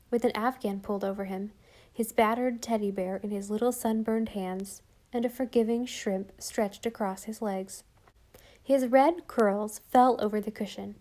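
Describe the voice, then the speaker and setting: A woman narrating a storybook audiobook in a gentle, expressive way. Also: a little high. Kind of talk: scripted narration.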